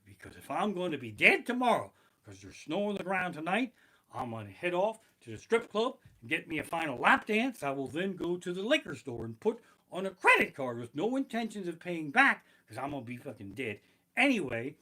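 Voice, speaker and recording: A man doing a stand-up comedy rant from his living room on a basic home streaming setup, profane and exasperated, with loud outbursts. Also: fairly high pitch, sing-song, brisk, poor audio.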